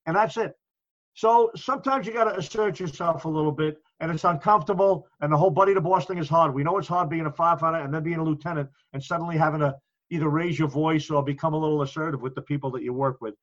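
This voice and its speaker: Fast-talking man, dull lo-fi sound. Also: on the high side, a bit bright. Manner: fast, earnest, acts out orders to crews. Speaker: podcast co-host, fire service officer. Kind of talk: casual podcast talk.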